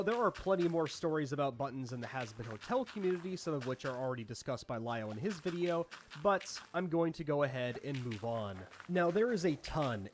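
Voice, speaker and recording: Male commentary narrator, mocking and sardonic, animated intonation. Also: mid-range voice, slight background noise. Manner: sarcastic, dry, mocking.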